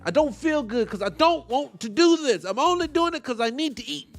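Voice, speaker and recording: A man's voice: extremely high pitch, fairly quick, vocal fry. A man hosting a livestream, ranting heatedly and swearing as he reacts to a debate. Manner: animated, ranting, swearing, mocking voices. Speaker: livestream host. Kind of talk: heated live-stream commentary.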